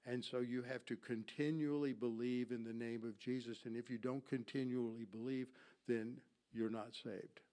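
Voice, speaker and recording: A man's voice: medium pitch, steady tone, normal speed, mellow. A man giving a Bible lesson from slides, explaining Greek grammar and asking his audience questions that he then answers himself. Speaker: Bible teacher. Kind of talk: classroom lecture with slides.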